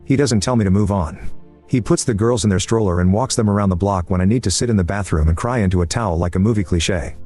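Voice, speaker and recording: A man reading a first-person story aloud in an even, measured scripted narration. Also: fairly low pitch. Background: faint background music.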